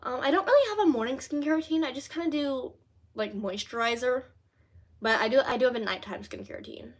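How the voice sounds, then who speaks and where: A teenage girl from Louisiana hosts a casual livestream, reading comments and rambling cheerfully with plenty of fillers. Her voice sits a little high for a woman. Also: a little fast. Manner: chatty, rambling, bubbly with many fillers. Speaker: livestream host.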